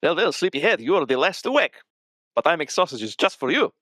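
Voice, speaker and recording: A man doing a jovial, high-voiced breakfast cook. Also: sing-song, fairly quick, fairly bright tone, dry recording, studio quality. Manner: jovial, teasing. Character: cheerful male host cooking breakfast.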